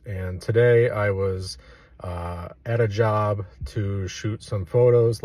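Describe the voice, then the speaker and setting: A man, a real estate agent, casually telling a story to his viewers with lively delivery. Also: lowish voice, dry recording. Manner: animated, acts out quoted lines.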